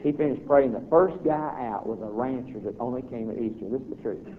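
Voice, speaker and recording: Animated storytelling preacher, tinny recording. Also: male voice, medium pitch, a little fast. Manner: animated, acting out voices and reactions. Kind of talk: humorous storytelling to an audience.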